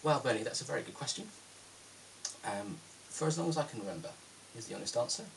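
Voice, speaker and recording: A man's voice: mid-range voice, animated, fast talker, creaky, fairly bright tone, far from the mic, slight background noise. A man in his thirties from London with a British accent, answering viewer questions in a chatty, self-deprecating vlog with frequent ums. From London, England. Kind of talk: casual Q&A vlog.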